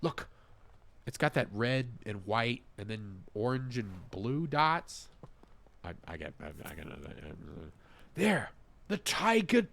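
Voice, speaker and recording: A lowish-voiced man with vocal fry speaks at a measured pace while streaming a puzzle game. His casual commentary drifts between muttered, trailing thoughts and abrupt excited gasps and exclamations.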